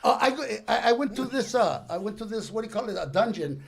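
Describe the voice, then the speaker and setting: High gravelly older man spinning a yarn. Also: quick pace, over a noisy crowd. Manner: animated storyteller who acts out characters and mixes in Spanish slang. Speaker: guest comedian. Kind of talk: comic storytelling on a podcast.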